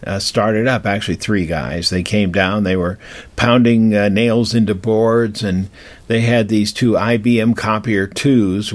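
Older male radio host in his seventies with a lowish voice, chatty and meandering storyteller. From Colorado. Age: 70s. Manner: rambling and anecdotal, with fillers and restarts. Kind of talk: casual storytelling.

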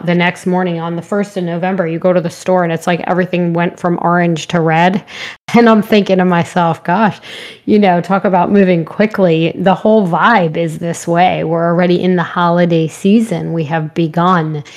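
A woman with a fairly low, slightly hoarse voice hosts a live-streamed spiritual talk. She rambles gently and greets viewers by name.

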